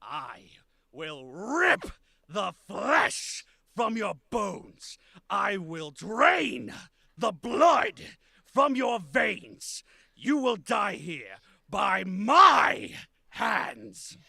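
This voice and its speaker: A man voicing a blood-soaked, raging male berserker warrior in a workshop recording, making menacing threats with slow, heavy emphasis. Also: high voice, big pitch swings, vocal fry, bright, forceful tone, husky, no echo, studio quality, exaggerated voice.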